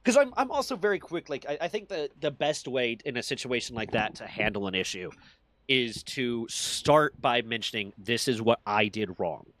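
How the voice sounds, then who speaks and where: A man's voice: medium pitch, animated, normal speed, a bit bright. A man in casual chat, telling heated stories with plenty of swearing. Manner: profane, heated storytelling.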